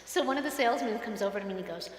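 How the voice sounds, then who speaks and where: A woman's voice: fairly high pitch, very fast, slight background noise. A woman clergy member telling a personal story during a sermon, acting out the people and phone calls in it. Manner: animated storytelling, acting out quoted exchanges. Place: synagogue sanctuary. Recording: echoey hall reverb.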